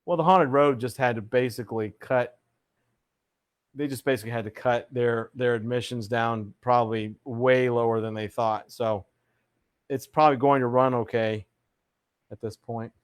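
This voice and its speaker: A man's voice: mid-range voice, steady tone, normal speed, clean tone. A man hosting a casual live chat show, greeting viewers with showman flair and reading their comments aloud. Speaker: livestream host.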